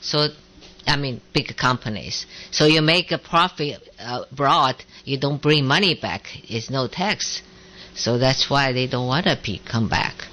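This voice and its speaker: Co-host, sharp bright tone, emphatic, non-fluent English. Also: medium pitch, animated, a little slow, rough recording. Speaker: radio co-host. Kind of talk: hosted radio talk.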